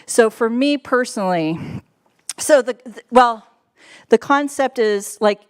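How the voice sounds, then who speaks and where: A woman's voice: on the high side, lively intonation, measured pace, clean tone. A woman on a church's staff giving a casual, playful sermon to a live congregation, chatty and laughing often. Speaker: church staff member preaching.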